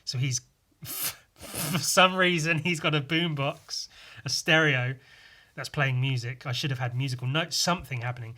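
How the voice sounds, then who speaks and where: A man's voice: medium pitch, fairly even intonation, moderate pace, sharp tone. A young man casually talking over his old comic, self-mocking and swearing. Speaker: vlogger. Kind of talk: casual commentary.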